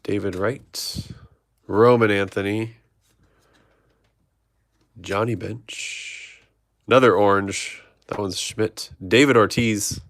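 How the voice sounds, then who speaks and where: A man's voice: fairly low pitch, steady tone, slow, long pauses, fairly bright tone, no room sound, clean studio sound. A man hosting a trading card break, reading off player names and chatting with viewers. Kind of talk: live card-opening stream chat.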